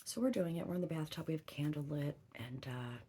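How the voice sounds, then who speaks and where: A woman's voice: deep voice, a little fast, mellow, slightly rough. A woman in her thirties telling a long story in casual chat, rambling and swearing freely. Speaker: tarot reader.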